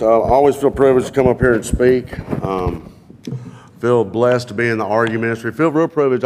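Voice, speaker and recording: A man gives a folksy testimony from a church pulpit, mixing jokes about himself with scripture. His voice sits at a medium pitch and has an easygoing, unpolished flow full of "uh"s. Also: darkish tone, a little hiss or hum. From South Arkansas, US. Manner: folksy, self-deprecating, with frequent fillers. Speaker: guest speaker, jail minister. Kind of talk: sermon testimony with humorous storytelling.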